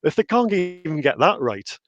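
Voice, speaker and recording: A man's voice: fairly high pitch, sing-song, moderate pace, no room sound, lo-fi sound. A man from Newcastle with a Geordie accent, chatting casually as a livestream guest over a video call. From Newcastle, England. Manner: chatty, explains with local asides. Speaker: guest writer.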